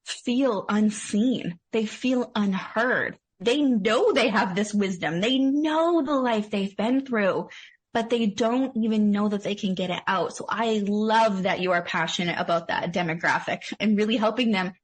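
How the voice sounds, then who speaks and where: A woman's voice: medium pitch, a little slow, breathy edge. A young adult woman, a mindset coach, talking enthusiastically as a podcast guest with lots of fillers. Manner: enthusiastic, effusive praise, filler-heavy. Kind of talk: casual interview chat.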